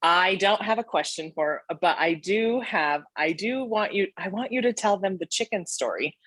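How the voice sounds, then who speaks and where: A woman's voice: medium pitch, expressive, normal speed, fairly bright tone, breathy edge, no echo. A woman co-host on a video call, giving encouraging, emphatic closing remarks. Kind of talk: casual motivational talk.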